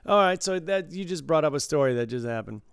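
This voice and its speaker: Casual male storyteller, gravelly and dry-miked, animated and chatty. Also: on the high side, quick pace, dry recording. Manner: animated storytelling, frequent laughs and restarts. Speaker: casino floor supervisor. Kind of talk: casual chat.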